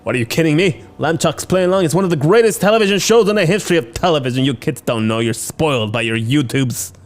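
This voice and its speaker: A goofy middle-aged dad, played by a man, rambles defensively at his kids and throws out dark jokes. His pitch jumps up whenever he gets worked up. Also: expressive, quick pace, natural voice. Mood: blustering. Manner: blustering, joking, exaggerated.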